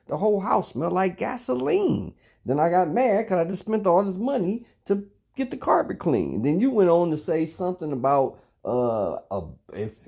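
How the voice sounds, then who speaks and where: Animated middle-aged man with a dark voice. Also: on the high side, creaky, husky. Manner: rambling, animated storytelling with swearing. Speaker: father speaking to his son. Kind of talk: recorded monologue addressed to someone. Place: at home indoors.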